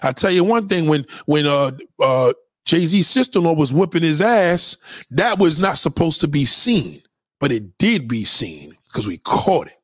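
A man delivers an animated, profane rant, preaching to his viewers as if he knows what they refuse to see. His voice sits high and swings widely up and down, hammering points through repetition. The sound is dry, with no room echo. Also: a little slow. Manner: repeats himself for emphasis. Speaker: vlogger giving opinions.

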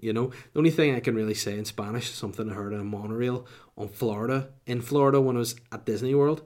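A man's voice: mid-range voice, quick pace, a little mellow. A man with a Northern Irish accent hosting a podcast, rambling jokily and mocking himself, sniffly from a cold. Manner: jokey, rambling, self-mocking. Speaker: podcast host. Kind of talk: casual rambling podcast chat.

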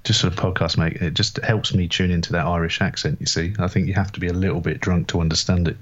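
A man's voice: low voice, level tone, fast talker. A man co-hosting a casual podcast chat, with dry, teasing humour. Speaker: podcast co-host. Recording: dull lo-fi audio.

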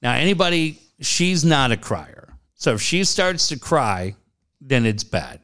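A middle-aged man in a casual chat, telling stories with lots of swearing and loud quoted voices. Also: medium pitch, sing-song, measured pace. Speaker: storyteller in a chat.

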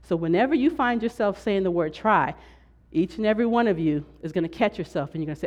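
Woman teaching at church, lively, acts out whiny complaints, keeps asking "right?". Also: fairly low pitch, fairly quick. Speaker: pastor teaching a class.

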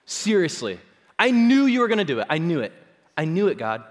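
A man's voice: on the high side, big pitch swings, a little fast. A man voicing a petulant, sulking male prophet, whining and sarcastic. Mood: exasperated whining. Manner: whiny, exasperated, sarcastic. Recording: long hall reverb.

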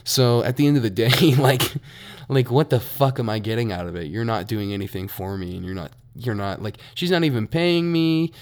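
A man's voice: medium pitch, normal speed, slight background noise. A young man in his twenties hosting a solo podcast, ranting with constant swearing and frequent laughter. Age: young adult. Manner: profane, ranting, laughs often. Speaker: podcast host.

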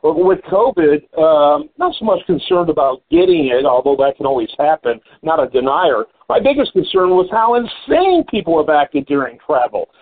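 A man's voice: fairly high pitch, sing-song, moderate pace, few pauses, husky. A man hosting a casual business interview, talking in a loose, conversational way with fillers and repeats. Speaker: podcast host. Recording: phone-like call audio.

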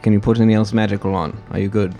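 A man player narrating his character's actions in a relaxed, matter-of-fact way. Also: on the low side, very fast, gravelly, soft background music.

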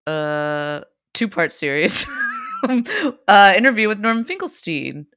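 A woman co-hosting a podcast in casual chat, with a wry, drawn-out delivery. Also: deep voice, expressive, a bit bright, clean tone. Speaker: podcast host.

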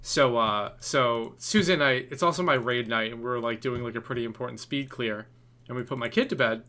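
A man's voice: mid-range voice, brisk, bright, forceful tone. A man co-hosting a podcast, telling a long story in a casual, rambling way, full of fillers and restarts. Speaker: podcast co-host.

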